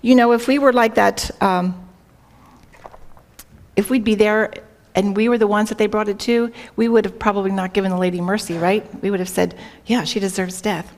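A woman's voice: mid-range voice, fairly even intonation, moderate pace. A woman speaking earnestly to a women's group, telling a story and reading scripture, often turning to her listeners with questions. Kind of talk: devotional talk with anecdote and scripture reading. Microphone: wearing a worn microphone.

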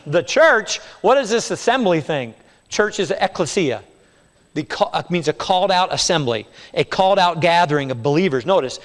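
A high-pitched male pastor preaching a sermon, dropping low and soft before climbing into emphatic bursts. His voice rings out with the long reverb of a large church sanctuary. The delivery is that of a practiced preacher teaching a congregation. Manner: preaching with swings from quiet to emphatic.

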